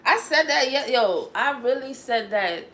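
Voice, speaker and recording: A woman's voice: high-pitched, animated, pushed and bright. A woman with a New York accent, just out of bed, chatting casually and rambling on a livestream. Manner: rambling, chatty, drawn-out fillers. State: just woke up. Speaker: livestream host.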